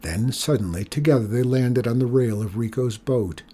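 A man reading a children's storybook aloud in a steady, measured way. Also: medium pitch, slightly rough. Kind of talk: storybook read-aloud narration.

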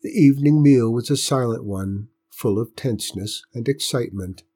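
A man narrates a story in a steady, measured reading voice. His tone is slightly husky and sits at an ordinary pitch.

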